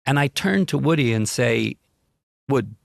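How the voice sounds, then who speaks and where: Gravelly man telling a wild story. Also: medium pitch, moderate pace, no echo, clean studio sound. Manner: animated, vivid storyteller who acts out other people. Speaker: guest. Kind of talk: storytelling anecdote on a podcast.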